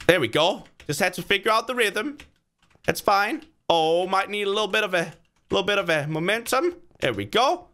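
In a loose, chatty let's-play, a male gaming video creator narrates his game while talking to himself and cheering himself along. His high voice is bright and forward at normal speed, ranging widely in pitch. Every so often, excitable as he is, he jumps into loud yelps of frustration or triumph.

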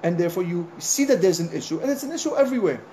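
Animated rabbi, man with a mellow voice. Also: sits high, rapid-fire, a little hiss or hum. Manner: animated storyteller, acting out conversations; conversational, frequent "you know" asides. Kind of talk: informal sermon with storytelling.

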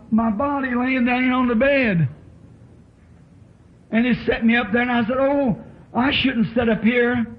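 A man preaching a sermon in a church, telling his story with fervent emotion. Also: very high-pitched. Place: church tabernacle. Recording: dull lo-fi old tape recording.

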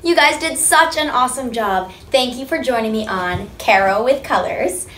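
A woman's voice: on the high side, lively intonation, moderate pace, fairly bright tone, reverberant, soft background music. A woman hosting a children's drawing segment, signing off to kids in an upbeat way. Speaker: children's drawing show host.

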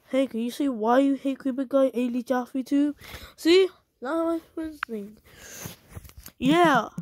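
A woman's voice: fairly high pitch, slight background noise. A young woman ranting angrily at another video maker, scolding and repeating herself. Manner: angry, repetitive, scolding. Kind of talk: angry rant at the camera.

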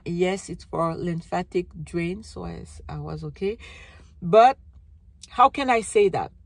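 Slow, halting woman telling her story. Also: mid-range voice, no echo. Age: middle-aged. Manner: halting, searching for words, many restarts. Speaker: vlogger. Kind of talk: personal recovery vlog.

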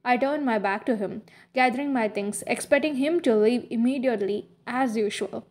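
A woman reading a first-person novel aloud as an audiobook, in a halting way with frequent slips. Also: on the high side, darkish tone. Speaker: audiobook reader.

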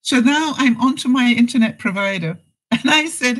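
A woman's voice: on the high side, expressive, moderate pace, a bit bright, low-quality recording. A woman vlogger talking casually to camera with advice, telling stories chattily, acting out phone calls and laughing between points. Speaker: vlogger giving life advice. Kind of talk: casual direct-to-camera chat.

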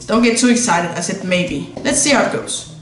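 A woman's voice: medium pitch, expressive, normal speed, pitched below the performer's own voice, close to an everyday voice. A woman voicing a laid-back male college football jock with a lazy, dismissive drawl, recorded in an echoey room. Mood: grudging.

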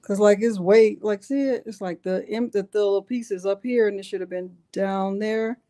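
A woman's voice: medium pitch, steady tone, moderate pace, dark tone. A woman hosting a live crafting tutorial, chatty and playful as she jokes with her viewers. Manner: chatty and playful, joking with chat. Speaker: crafting channel host.

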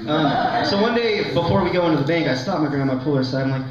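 A man's voice: on the high side, very fast, few pauses, a little hiss or hum. A young man doing a stand-up set, rambling with lots of likes and ums and poking fun at himself. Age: young adult. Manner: rambling, full of likes and ums, self-mocking. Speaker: stand-up comedian. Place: college lounge with a laughing audience. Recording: echoey lounge, distant, dull lo-fi sound.

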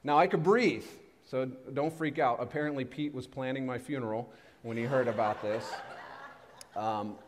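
A man's voice: mid-range voice, normal speed, a little hiss or hum. Man preaching in an echoing hall. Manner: animated storytelling, self-deprecating humor. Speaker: pastor. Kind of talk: sermon. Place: church sanctuary. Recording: long reverb of a church hall.

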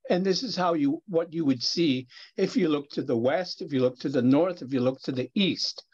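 A man's voice: on the high side, moderate pace, slightly rough. A man teaching a language class over a video call, encouraging his students and laughing easily. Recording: muffled video call audio.

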